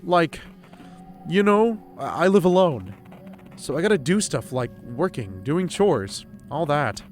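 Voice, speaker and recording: A man's voice: fairly high pitch, very animated, measured pace, faint music behind. A man streaming a game, reading his character's lines aloud and joking between them.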